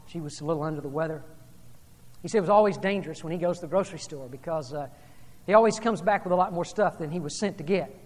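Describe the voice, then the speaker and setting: A woman preacher delivering a sermon, telling a story and then speaking in hushed, earnest tones. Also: fairly low pitch. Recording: long hall reverb.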